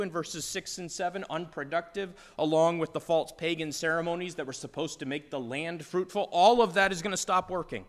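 Man, preacher, impassioned sermon, exasperated outbursts, fairly high voice, long hall reverb. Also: lively intonation, moderate pace, hardly any pauses. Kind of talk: expository sermon.

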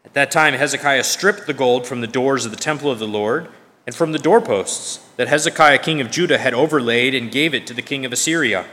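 A man reading scripture aloud in a measured, emphatic way, now and then correcting himself. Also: mid-range voice, sharp tone. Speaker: scripture reader. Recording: long reverb of a large hall.

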